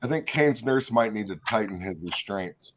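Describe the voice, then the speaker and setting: A man's voice: on the low side, expressive, normal speed, crowd noise. A man on a game panel, making wry, teasing jokes. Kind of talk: casual banter.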